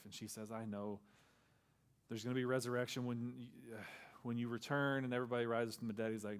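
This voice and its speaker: Preaching with a mid-range voice at a moderate pace, this male pastor keeps his sermon conversational. Quoted lines get acted out, and key words fall to an almost-whisper.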